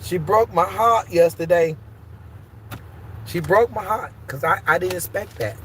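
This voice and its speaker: A woman's voice: fairly low pitch, unhurried, a little hiss or hum. Heated, profane woman live-streaming outdoors. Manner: emphatic and profane, swinging between heated and tender. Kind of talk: casual live-stream talk.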